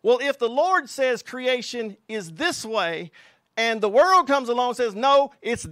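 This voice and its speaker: Fiery high-voiced male preacher. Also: very animated, unhurried, bright, forceful tone, no echo. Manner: fiery, emphatic preaching with Bible quotes. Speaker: pastor. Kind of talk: sermon.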